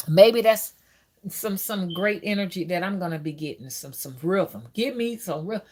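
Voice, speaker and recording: Woman, loose and chatty spiritual stream host, mid-pitched, lots of fillers. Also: lively intonation, unhurried. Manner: loose and chatty, reads out viewer comments, frequent fillers. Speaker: spiritual reader hosting a live stream. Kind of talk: casual live-stream chat.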